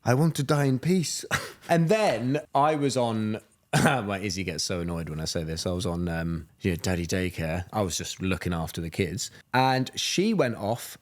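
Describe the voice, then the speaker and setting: A man's voice: deep voice, moderate pace. A man in his thirties, a podcast co-host, chatting casually and telling a story with frequent laughs. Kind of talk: casual chat.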